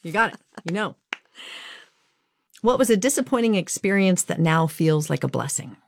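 Encouraging low-voiced woman host. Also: expressive, normal speed, vocal fry, no echo. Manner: encouraging, prompting the guest. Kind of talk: interview conversation with question cards.

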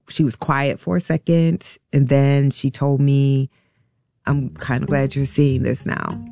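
A woman being interviewed, telling a painful personal story in a halting, emotional way with many pauses. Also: rumbling low, creaky. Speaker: guest.

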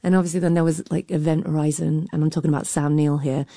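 Low mellow-voiced woman critic. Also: fairly even intonation, fast talker, vocal fry, dry recording, studio quality. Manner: frank, wry, with fillers. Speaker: critic and cultural commentator. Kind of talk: radio arts discussion.

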